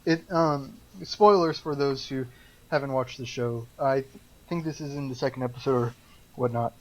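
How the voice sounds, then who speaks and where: A man's voice: mid-range voice, normal speed, rough recording. A man co-hosting a casual podcast, telling stories in a rambling way with lots of ums, restarts and laughter. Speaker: podcast co-host. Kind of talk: casual chat.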